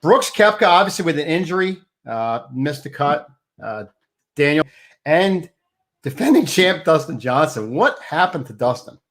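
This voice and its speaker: A man hosting a casual sports talk show, chatty and energetic, plugging sponsors between topics. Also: on the high side, normal speed.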